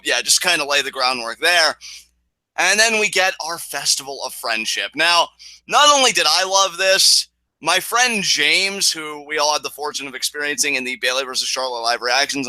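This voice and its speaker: Man, podcast co-host, casual wrestling chat, excitable, crisp bright tone, dry close sound. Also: on the high side, no room sound, rough recording. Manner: excitable, swears, acts out what wrestlers said.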